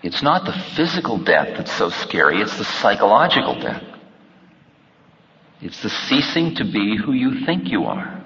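A man's voice: lowish voice, wildly swooping pitch, creaky, sharp tone. Man speaking in a long-echo hall. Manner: unhurried and reflective, with playful acted-out dialogue. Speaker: spiritual teacher. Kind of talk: spiritual talk to an audience. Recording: lo-fi recording in an echoey hall.

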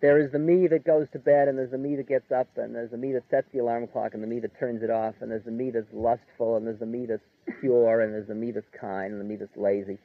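Chatty spiritual teacher, tinny dry tape. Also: male voice, mid-range voice, steady tone, fast talker, no echo. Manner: conversational, chuckling, lots of "like" and "you know". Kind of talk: informal spiritual lecture. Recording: tinny narrow-band dry recording.

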